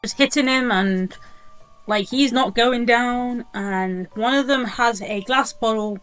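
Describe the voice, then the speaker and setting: A woman's voice: a little high, slow pace, fairly bright tone, faint music behind, rough recording. A young woman giving a casual movie review, chatty and incredulous, full of filler words.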